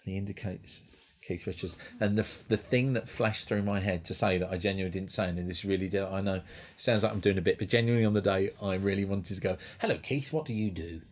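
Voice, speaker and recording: A man's voice: deep voice, fairly even intonation, fast. A male stand-up comedian telling a rambling, profane anecdote on a comedy club stage, with lots of restarts. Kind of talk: stand-up storytelling.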